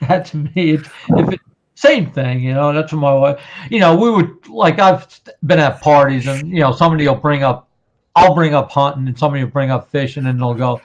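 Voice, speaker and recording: The host's voice here sits a little high and moves at normal speed. He's a New Jersey man in his fifties, casually chatting on his podcast and telling a long hunting tale while acting out others' quotes, recorded with a dull lo-fi sound.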